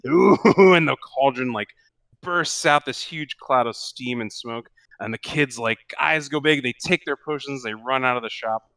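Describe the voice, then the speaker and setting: A man narrating a tabletop game as game master, in a relaxed and rambling way with many fillers. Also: mid-range voice, moderate pace, no room sound.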